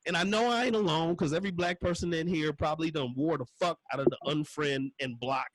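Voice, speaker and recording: A man's voice: on the high side, a little fast, no room sound, low-quality recording. A man doing a stand-up comedy set, ranting in a loose, profane way with constant curse words.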